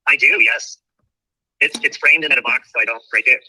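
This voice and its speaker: A man calling into a livestream, chatting in a gossipy, animated way. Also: medium pitch, fairly quick, slightly rough, poor audio. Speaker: caller. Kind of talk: casual phone-in chat.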